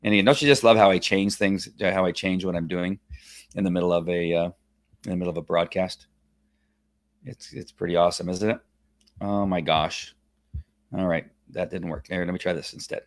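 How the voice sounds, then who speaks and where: A man hosting a casual live online show, talking in a halting, rambling way with lots of fillers and restarts, at times choked up while reading a viewer's story. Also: sits low, fairly even intonation. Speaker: host of a Facebook Live show. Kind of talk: casual live-stream talk, reading a testimonial aloud.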